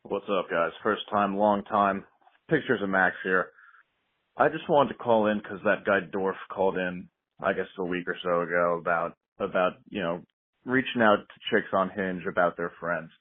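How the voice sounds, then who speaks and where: Deep-voiced guy on a tinny voicemail. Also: normal speed. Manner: laid-back, friendly. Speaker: caller. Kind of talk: voicemail message.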